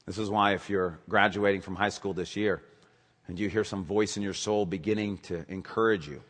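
A man's voice: fairly even intonation, moderate pace. Emphatic male pastor in a reverberant hall. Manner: emphatic, swings between loud urgent stress and quiet low asides. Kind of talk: sermon. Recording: long reverb of a large hall.

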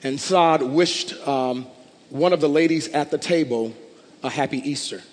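A man preaching a sermon as a pastor, impassioned and building to loud declarations. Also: on the high side, measured pace. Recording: long hall reverb.

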